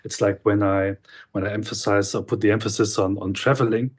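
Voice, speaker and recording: A man's voice: on the low side, completely flat delivery, brisk. A man in a podcast discussion who speaks in a hesitant, thoughtful way, with many restarts. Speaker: podcast guest. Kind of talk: casual discussion.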